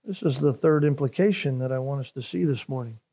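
A man's voice: mid-range voice, fairly quick, mellow. A man preaching a sermon as a pastor, earnest and building emphasis as he explains scripture, with small repeats and restarts.

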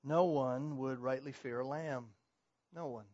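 A man preaching an expository sermon, dropping to hushed, low emphasis and then rising to loud proclamation. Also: fairly even intonation, measured pace, no echo, muffled recording.

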